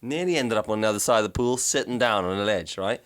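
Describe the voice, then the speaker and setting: A man's voice: fairly low pitch, quick pace. A man co-hosting a casual podcast, telling stories with lots of swearing and laughter. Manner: animated storytelling, swearing, laughing. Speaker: podcast co-host. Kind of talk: casual chat.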